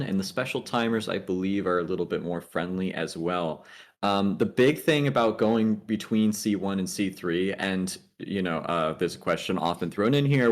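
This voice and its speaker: A man casting a video game match, breaking down strategy in detail with frequent "um" fillers. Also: on the low side. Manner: analytical, many "um" fillers. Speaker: esports caster. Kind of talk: game commentary.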